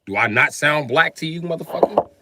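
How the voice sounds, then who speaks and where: A man's voice: a little high, animated, brisk, background noise. A man ranting on a livestream to his viewers, confrontational and swearing heavily. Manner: profane, confrontational, heavy swearing.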